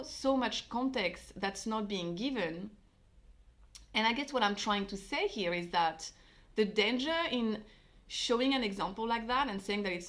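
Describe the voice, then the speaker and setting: A woman's voice: mid-range voice, fairly bright tone. A woman hosting a parenting vlog, talking through her views in a thoughtful, conversational way with frequent fillers. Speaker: parenting channel host. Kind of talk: reflective commentary vlog.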